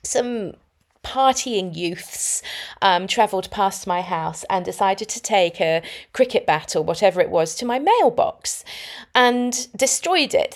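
Woman with a gravelly edge, reflective. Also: mid-range voice, expressive, a little slow. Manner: reflective, anecdotal storytelling. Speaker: podcast host. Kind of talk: solo podcast talk.

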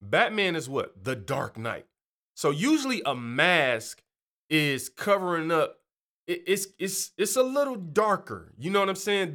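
A man giving a casual, chatty talk on faith, animated and conversational. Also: high-pitched. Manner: animated, chatty, keeps asking "you know". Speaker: Christian speaker.

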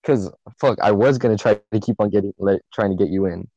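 Teen guy on a podcast, deep low voice, lots of "like" and cursing, dull dry lo-fi audio. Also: fast, mellow, no echo. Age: late teens. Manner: emotional, rambling, heavy swearing and filler "like". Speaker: podcast co-host. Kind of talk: casual storytelling chat.

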